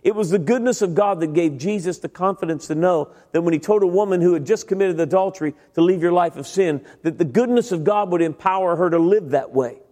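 A man's voice: high voice, brisk, few pauses, warm tone. A middle-aged man preaching a sermon, telling his own testimony in a conversational way and speaking directly to the congregation. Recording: long reverb of a large hall.

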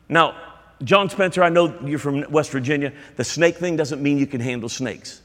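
A man's voice: on the high side, moderate pace, fairly bright tone. A male pastor delivering a sermon, speaking emphatically and chatting directly with his congregation in a church. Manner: emphatic, conversational preaching with asides to the congregation. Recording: long hall reverb.

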